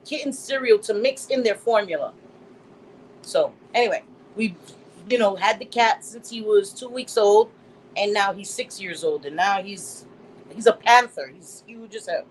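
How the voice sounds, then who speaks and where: A middle-aged woman hosting a casual live stream, reading chat comments aloud and telling stories in an animated way, laughing often. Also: mid-range voice, a little hiss or hum, low-quality recording. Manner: animated storytelling, laughs often, acts out quotes.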